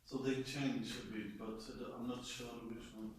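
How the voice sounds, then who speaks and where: Hesitant student in an echoey classroom. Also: male voice, medium pitch, little pitch movement, normal speed, far from the mic, slight background noise. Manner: tentative, hesitant answers.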